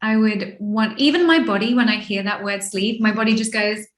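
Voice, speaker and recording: A woman from London with an English accent, a sleep expert guest who talks in an animated way and acts out people's reactions. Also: medium pitch, normal speed, reverberant. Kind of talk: lively interview chat.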